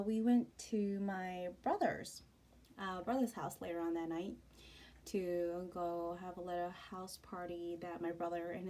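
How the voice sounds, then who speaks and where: A young adult woman vlogger telling a long family story in a chatty, rambling voice-over as she plans. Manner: chatty and rambling, with many fillers and restarts; acts out family members' lines in a much higher, louder voice. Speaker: planner vlogger.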